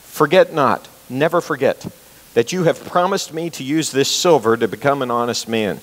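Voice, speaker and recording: Brief: kindly old bishop, forgiving and solemn, slightly raised voice, long hall reverb; a preacher puts him on. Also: male voice, mid-range voice, normal speed, a bit bright, natural voice. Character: gentle merciful old male bishop.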